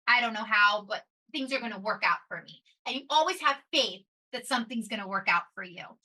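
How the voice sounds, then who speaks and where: A woman's voice: medium pitch, brisk, bright, forceful tone, far from the mic, poor audio. A woman hosting a podcast, telling a personal story in a casual, upbeat way and acting out what she thought and said. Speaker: podcast host.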